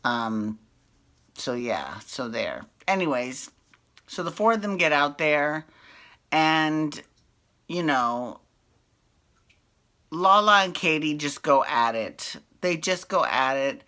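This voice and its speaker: A chatty woman with a low yet bright, forward voice, recapping reality television in a loose, casual way. She laughs often and swears freely as she talks. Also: big pitch swings, slow, pauses often. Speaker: podcast host recapping reality TV. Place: Las Vegas.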